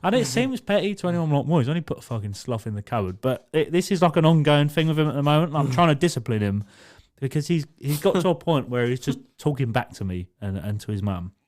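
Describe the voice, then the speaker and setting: A young man co-hosts a podcast and tells stories in casual chat, swearing freely. His pitch sits a bit high and swings widely as he acts out the scenes. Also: fast talker, hardly any pauses. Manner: swears a lot, animated retelling with laughter. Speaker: podcast co-host.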